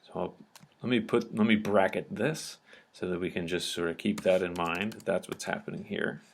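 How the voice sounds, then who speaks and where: A man with a somewhat low voice walks through a lesson at a patient pace. He explains each step and keeps checking that his listeners are following along. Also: moderate pace, gravelly, slight background noise. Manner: patient, checks understanding often with "okay?". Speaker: teacher. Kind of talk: explanatory lecture at a board.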